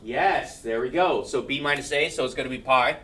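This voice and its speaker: A man's voice: medium pitch, fairly quick, fairly bright tone, distant mic, slight background noise. A male math teacher giving a classroom lecture, checking in with his students and joking between steps. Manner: keeps checking in with "right?", joking asides.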